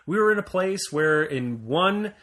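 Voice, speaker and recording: A man from Montreal co-hosting a casual podcast, telling stories with jokes and lively asides. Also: a little high, unhurried. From Montreal, Canada. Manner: joking, animated storytelling. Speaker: podcast co-host.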